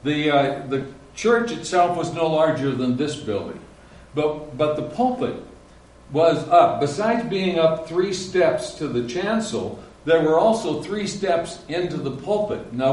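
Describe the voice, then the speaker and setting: A man's voice: fairly high pitch, a little mellow, roomy sound, far from the mic, poor audio. A man preaching a sermon as pastor, telling folksy stories with many ums and uhs. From Nebraska.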